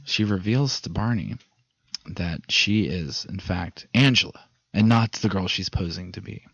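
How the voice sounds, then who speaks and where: A low-voiced man chatting loosely through a film's plot, rambling and cursing as he acts out the scenes. The recording is dull and lo-fi, with a dry, close sound. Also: unhurried, vocal fry, a bit bright, dry recording. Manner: rambling, swearing, quoting characters in retellings. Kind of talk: casual movie recap chat.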